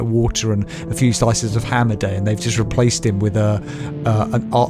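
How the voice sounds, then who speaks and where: British man reading news with mock drama. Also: mid-range voice. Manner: jokey, reads with mock-dramatic flourishes. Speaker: podcast co-host. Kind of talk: casual chat, reading news stories aloud.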